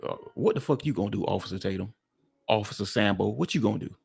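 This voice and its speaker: Gravelly husky guy doing reaction commentary, blunt and mocking. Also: lowish voice, fast, darkish tone. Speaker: commentary host.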